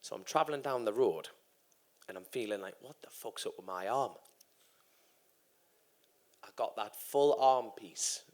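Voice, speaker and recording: A man in his thirties, a guest racer, telling a long sweary anecdote on stage at a live podcast event and acting out the voices of the people in it. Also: fairly low pitch. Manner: swearing, acts out quoted voices. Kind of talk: animated live storytelling.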